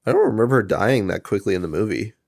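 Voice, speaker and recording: Young male co-host, lively swinging intonation, easygoing joker in loose conversation. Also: lowish voice, fast talker, creaky. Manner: jokey tangents, laughs easily. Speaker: podcast co-host. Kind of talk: casual banter.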